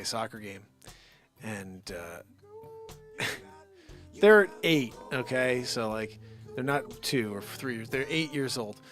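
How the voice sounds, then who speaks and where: A man hosting a live comedy show, telling a rambling story in an animated way and chatting with viewers. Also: mid-range voice. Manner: rambling, animated, talks to unseen chat viewers. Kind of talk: comic storytelling monologue.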